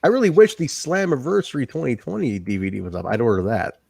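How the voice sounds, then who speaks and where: A man's voice: mid-range voice, sing-song, quick pace, gravelly, a little mellow. A man co-hosting a casual wrestling review show, ranting animatedly and swearing freely. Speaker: podcast co-host.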